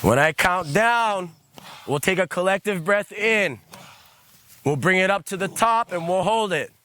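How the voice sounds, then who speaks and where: A man leading a guided movement class, calmly coaching steps, counting aloud and leading rhythmic chants. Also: high-pitched, unhurried, a little hiss or hum.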